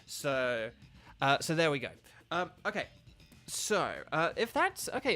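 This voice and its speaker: A young man hosts a casual livestream, talking warmly and loosely with his viewers, with many ums and restarts. His voice sits a little high for a man. Faint game music plays underneath. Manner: chatty, friendly, lots of fillers and restarts. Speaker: streamer and voice actor.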